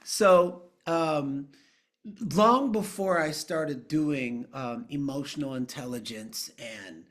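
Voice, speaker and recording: A middle-aged man talking casually on a live coaching call, guiding listeners through a quiet exercise. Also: fairly high pitch, slow. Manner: conversational, drifting into hushed guided prompts. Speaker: coach and trainer.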